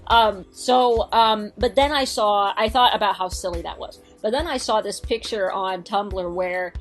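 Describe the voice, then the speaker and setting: A woman's voice: mid-range voice, a little slow, soft background music. A woman co-hosting a podcast in casual chat, talkative and sweary, with lots of fillers and trailing-off asides. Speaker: podcast co-host.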